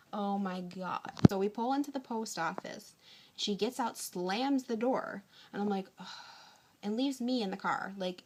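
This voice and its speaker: A young woman rants into her phone camera, tired and hungry, her voice sitting in an ordinary middle pitch. She tells the story casually, jumping into animated quotes of both sides of an argument and swearing freely. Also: very noisy. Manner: exasperated, quoting others in animated bursts, swearing. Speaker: vlogger.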